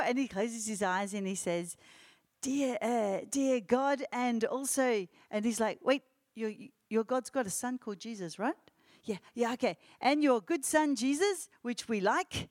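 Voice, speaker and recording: Lively woman telling a church story. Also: moderate pace. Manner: acts out quoted voices with rising pitch. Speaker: church speaker reporting on a youth mission trip. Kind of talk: animated storytelling to a church congregation.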